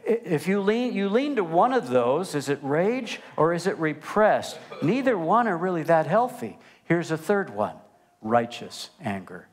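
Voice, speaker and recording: An older man, grandfather of a toddler, preaching a sermon as pastor, animated and emphatic, swinging between loud emphasis and hushed asides. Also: fairly high pitch.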